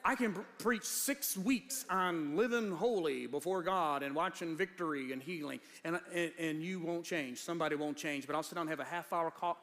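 High-voiced preacher man in a reverberant hall. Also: moderate pace, hardly any pauses. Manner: conversational preaching that builds to shouted fervor. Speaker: pastor. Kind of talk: sermon.

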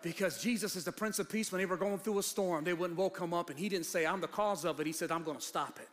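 Preacher, a man with a high voice, conversational and then rising to a shout, heard in a large church with long reverb. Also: quick pace. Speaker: pastor. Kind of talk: sermon.

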